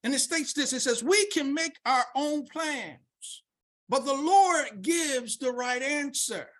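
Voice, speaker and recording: A woman preaching a sermon and reading scripture aloud, emphatic, repeating key words and rising to near-shouts. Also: sits high, expressive, slow.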